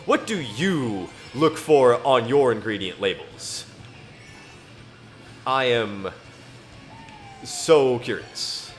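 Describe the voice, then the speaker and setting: A man's voice: mid-range voice, expressive, extremely slow, long pauses, faint music behind. A man streaming alone, reading scripture aloud and chatting casually, rambling to himself and chuckling often.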